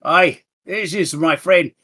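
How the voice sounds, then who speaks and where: A man's voice: a little high, slow pace, bright, forceful tone, exaggerated voice. A man doing a hearty older outfit boss.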